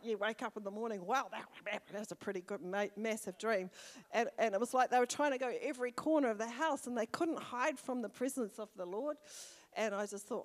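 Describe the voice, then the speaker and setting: An older woman with a New Zealand accent and a fairly high, brisk voice gives a sermon testimony as a church elder, telling a personal story punctuated by fervent exclamations. The long reverb of the church hall where she speaks is audible.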